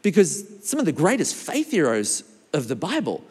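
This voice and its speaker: Lively guy preaching a sermon, kinda high voice, big echo like a church hall. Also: normal speed, husky. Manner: lively, animated preaching with big pitch swings. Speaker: pastor. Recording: long hall reverb.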